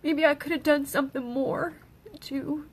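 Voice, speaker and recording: A middle-aged woman, tearful, speaking haltingly on an emotional personal livestream as a grieving mother. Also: sits high, fairly even intonation, low-quality recording. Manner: halting, with pauses and restarts. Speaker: grieving mother sharing her daughter's story.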